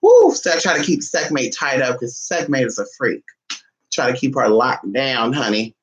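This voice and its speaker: A woman vlogger in casual chat to camera, sassy and chatty, calling her listeners honey and swinging her voice between high and low. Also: very animated, moderate pace, a little hiss or hum, rough recording.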